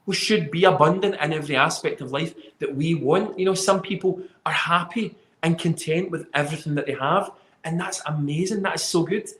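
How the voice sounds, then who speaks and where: A man's voice: fairly high pitch, a little fast, a bit bright, roomy sound. A man talking in casual chat, speaking emphatically and swearing casually.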